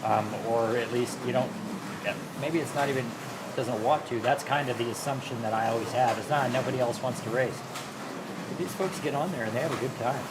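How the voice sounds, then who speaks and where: A man hosting a casual live stream, talking in a relaxed, rambling way with many fillers and restarts. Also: mid-range voice, brisk, very noisy. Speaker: host.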